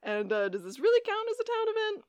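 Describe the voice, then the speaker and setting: A young woman co-hosting a podcast, talking through an episode in a casual, chatty way. Her pitch swoops up and down as she slips into voicing the characters' lines. The sound is close and dry, with no room around it. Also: quick pace, no echo. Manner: animated, acts out characters' lines while recapping. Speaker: podcast co-host. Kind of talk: casual recap chat.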